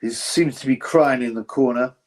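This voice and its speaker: A man's voice: mid-range voice, normal speed, darkish tone. A man hosting a live stream, giving blunt, ranting commentary on a boxing event and reading out viewer donations. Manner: blunt, ranting, chuckling asides; reads viewer donations aloud. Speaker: livestream host.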